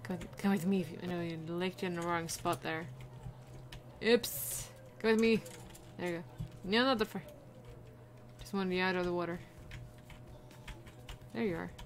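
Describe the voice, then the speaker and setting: A woman giving playful, chatty commentary while playing a video game, breaking into sudden high excited squeals. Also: moderate pace, long pauses.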